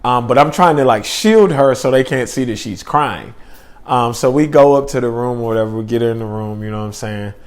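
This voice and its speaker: A man's voice: medium pitch, a little fast. A young man telling a personal story in a laid-back, slangy, rambling way with lots of fillers. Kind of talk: casual storytelling.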